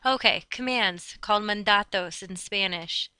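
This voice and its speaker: A woman teacher giving a brisk recorded review lesson, explaining step by step. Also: mid-range voice, sharp tone, clear, resonant tone, no room sound. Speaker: Spanish teacher.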